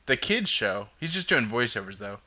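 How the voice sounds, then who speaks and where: A man's voice: medium pitch, big pitch swings, normal speed, crowd noise. A man hosting a show, rambling casually as he tells a story. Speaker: podcast host. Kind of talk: casual chat.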